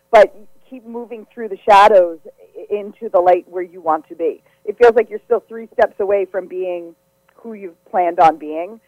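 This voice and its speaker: A woman's voice: on the low side, no echo. Casting: chatty woman psychic medium on a radio call-in, effusive and giggly, close dry studio mic, slightly muffled broadcast sound. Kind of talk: casual live radio readings.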